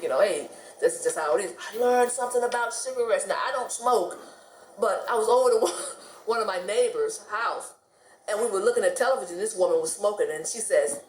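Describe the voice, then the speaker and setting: A woman's voice: lowish voice, echoey room, slight background noise. Chatty American woman vlogging. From United States. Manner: chatty, laughs often, animated quoted voices. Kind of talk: casual storytelling to camera.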